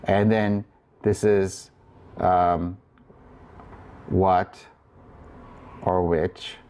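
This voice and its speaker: A man with a lowish voice teaching a grammar lesson in a recorded lecture. He speaks unhurriedly and deliberately, pausing with fillers and restarting phrases as he works through each form. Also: little pitch movement, darkish tone, smooth. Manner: slow, deliberate explaining with frequent fillers and restarts. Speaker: Greek instructor.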